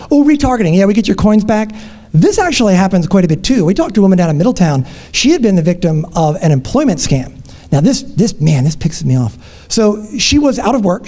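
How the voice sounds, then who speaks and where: A man giving a conference talk, telling a story in an animated way and acting out the people in it. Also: high-pitched. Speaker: conference presenter. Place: conference room.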